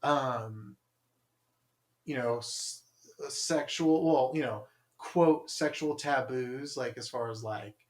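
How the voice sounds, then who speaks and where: A man's voice: medium pitch, slow. A young man co-hosting a podcast, telling stories in a rambling casual way, full of "like" and acted-out quotes. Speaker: podcast co-host. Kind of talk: casual chat. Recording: roomy echo.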